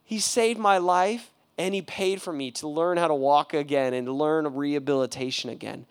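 A man voicing an injured man who wakes in a hospital bed, speaking in a hushed, low voice full of wonder. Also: moderate pace, smooth, natural voice. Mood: awed.

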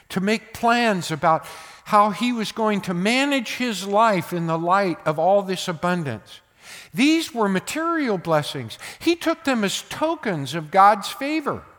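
An older man preaching a sermon as pastor, emphatic, swinging between loud bursts and hushed asides. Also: high-pitched, big pitch swings, a little slow, long reverb tail.

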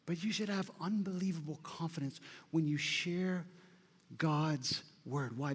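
Emphatic high-voiced pastor preaching. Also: male voice, breathy edge, long reverb tail. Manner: emphatic, repeats key lines, slows down for quoted scripture. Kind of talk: sermon.

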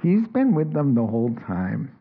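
A man voicing a bold, excited apostle who retells his own arrest in breathless, animated first-person storytelling. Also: mid-range voice, normal speed, phone-quality sound. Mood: eager.

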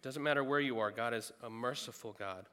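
A man's voice: medium pitch, a little fast, a bit bright, smooth, big-room sound. A man preaching a sermon in a large room, earnest and emphatic, repeating phrases for stress.

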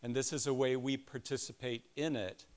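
A man's voice: mid-range voice, little pitch movement, normal speed. An older man preaching a sermon in a conversational way, with self-deprecating asides and personal stories. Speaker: pastor.

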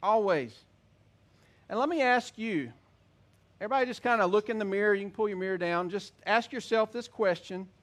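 A man preaching a sermon as a pastor, earnest, reading scripture slowly and with emphasis. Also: high-pitched, fairly bright tone.

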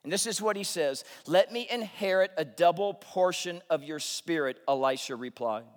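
A man preaching a humorous sermon, telling a story with dramatic flair and shouted punchlines. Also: on the high side, normal speed, in a large hall. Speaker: pastor.

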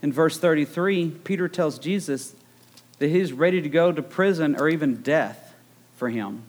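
A man's voice: on the high side, moderate pace. A man preaching a conversational sermon, retelling the story with joking asides.

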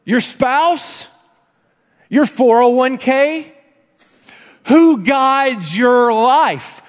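A man preaching a sermon in a church, emphatic, swinging between loud and hushed delivery. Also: extremely high pitch, extremely slow. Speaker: pastor. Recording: long reverb from a large room.

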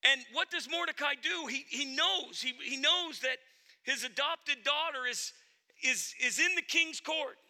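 A man's voice: very high-pitched, measured pace, pushed and bright. A male pastor preaching a sermon in an earnest, emphatic way, speaking directly to his congregation.

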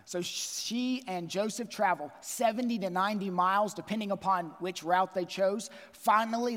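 A man's voice: high-pitched, long reverb tail. A man preaching a sermon as pastor, emphatic and repeating key phrases.

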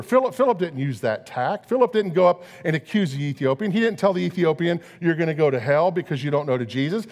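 A man's voice: sits high, a little mellow, big-room sound. A man preaching a sermon as pastor, talking conversationally and asking his listeners rhetorical questions.

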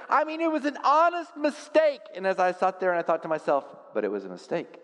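Guy pastor preaching, goes quiet then gets loud and animated, jokes at himself, big echoey church hall. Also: high-pitched, quick pace, hardly any pauses. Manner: self-deprecating humor. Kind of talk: sermon.

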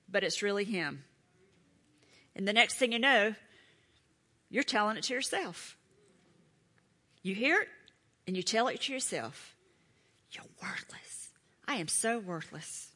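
A middle-aged woman preaching a sermon, emphatic and animated, with playful asides to her listeners. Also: mid-range voice.

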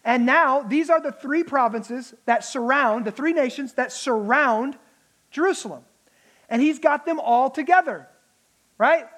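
A man preaching a sermon, animated, acting out the mocking voices of enemies. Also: very high voice. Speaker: pastor.

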